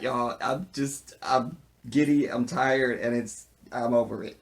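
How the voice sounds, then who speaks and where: A man giving a casual, joking recap of a TV episode. He is animated and keeps asking "see what I'm saying". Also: mid-range voice, a little slow. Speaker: TV show reviewer.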